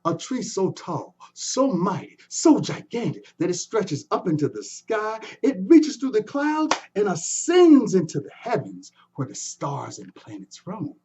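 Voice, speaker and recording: Animated male storyteller, very lively pitch. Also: unhurried, hardly any pauses, breathy edge, muffled recording. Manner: animated, with sound effects and invitations to join in. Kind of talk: folktale storytelling performance.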